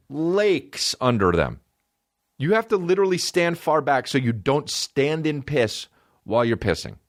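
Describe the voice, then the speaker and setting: A man hosting a comedy podcast, riffing alone in a profane, rambling, animated way. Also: medium pitch, moderate pace, dry recording, clean studio sound.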